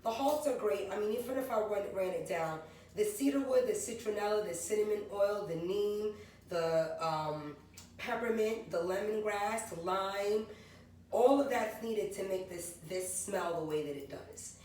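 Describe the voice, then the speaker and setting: A woman in her forties who makes natural hair and skin products chats through her line in a casual walkthrough vlog, rambling over ingredient lists. Her medium-pitched voice is a little slow and darkish, heard from far off in a very echoey room with a faint hum behind it.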